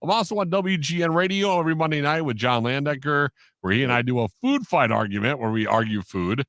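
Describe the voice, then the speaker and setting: A man, a sports broadcaster on a podcast, telling stories in an animated way and acting out the quotes. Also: mid-range voice, quick pace, no room sound, clean studio sound. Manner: animated storyteller, acts out quotes, laughs often. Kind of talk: casual storytelling in an interview.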